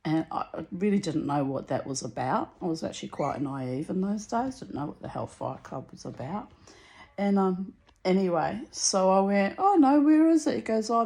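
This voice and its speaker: Animated woman vlogger telling a story. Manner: animated, laughing, rising high when excited. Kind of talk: casual storytelling.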